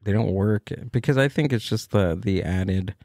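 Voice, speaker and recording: A man's voice: on the low side, normal speed, dark tone, no room sound, studio quality. A man hosting a podcast in casual chat, laid-back and trailing off mid-sentence. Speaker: podcast host.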